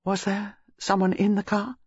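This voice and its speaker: Woman putting on a gentle old spinster, musing and mild, husky softness, slightly dull audio. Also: medium pitch, completely flat delivery, normal speed, no echo, voice pushed up, lightly acted. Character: elderly spinster, gentle and shrewd.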